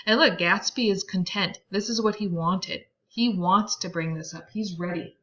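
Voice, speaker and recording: A woman teacher explaining a novel to a class, chatty and animated, with many fillers. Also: on the low side, a little slow, hardly any pauses, muffled recording. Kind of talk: classroom reading and commentary.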